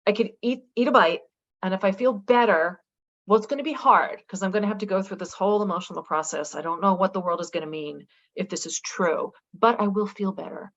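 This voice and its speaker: A middle-aged woman, a guest author, telling a personal story in a casual interview. She talks in a lively way, acts out quoted dialogue and says "like" a lot. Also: medium pitch, brisk, dull audio. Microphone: video call.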